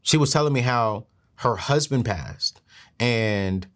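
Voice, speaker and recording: A middle-aged man hosting a show and giving money advice in an earnest, preachy way that climbs higher when he presses a point. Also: takes it slowly. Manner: earnest, preachy, rises in pitch when emphatic. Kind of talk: motivational talk to camera.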